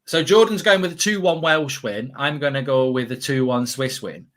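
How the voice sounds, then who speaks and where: A man's voice: medium pitch, normal speed, fairly bright tone. A man hosting a casual football watchalong, chatty and jokey, rambling and reading out live chat comments. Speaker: host.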